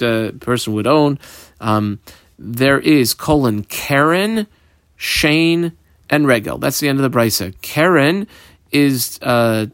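A man's voice: medium pitch, fairly bright tone, no room sound. Man teaching a Talmud page, dry sound. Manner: explains step by step, translates Hebrew and Aramaic phrases as he reads; reads text aloud in Ashkenazi Hebrew pronunciation. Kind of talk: daf yomi Talmud lesson.

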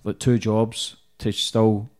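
A man hosting a podcast, asking questions in a relaxed, informal way with short backchannels. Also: on the low side, takes it slowly. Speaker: podcast host. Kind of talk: casual interview chat.

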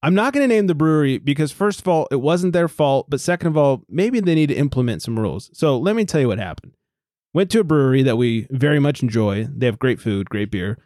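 An American man co-hosting a casual podcast, with a lively voice that rises and falls a lot. He swears freely and laughs often. The recording is dry and close. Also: mid-range voice, brisk, no room sound. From United States. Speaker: podcast co-host. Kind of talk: casual chat.

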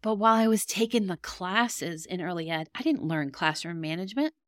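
A woman's voice: lowish voice, animated, brisk, a bit bright, no echo, studio quality. A middle-aged woman hosting a podcast, telling a personal story in a candid, emotional, rambling way. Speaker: podcast host.

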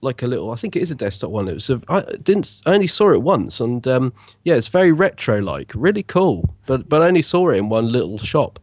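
A man's voice: mid-range voice, very animated, quick pace, a little mellow, no room sound. A man co-hosting a podcast in casual chat, his voice nasal and stuffed-up from a cold, telling rambling stories. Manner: chatty, rambling storyteller. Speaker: podcast co-host.

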